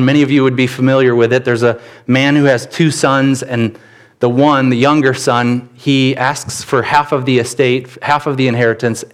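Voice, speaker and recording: A man preaching a church sermon, telling stories with sudden bursts of animation. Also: clear, resonant tone. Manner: animated storytelling with sudden rises in pitch. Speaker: pastor.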